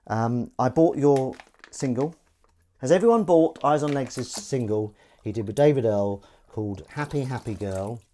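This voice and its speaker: An actor with a medium-pitched, mellow voice chats loosely and self-deprecatingly with livestream viewers while washing dishes in his kitchen. He speaks a little slowly, with faint running water and clattering dishes in the background.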